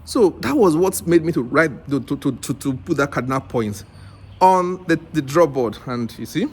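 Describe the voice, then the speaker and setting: A man's voice: fairly high pitch, normal speed, slightly rough. A Nigerian man telling a story in a casual vlog, acting out the other people's lines and often restarting his sentences. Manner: animated, acts out dialogue with rambling restarts. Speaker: English teacher vlogger.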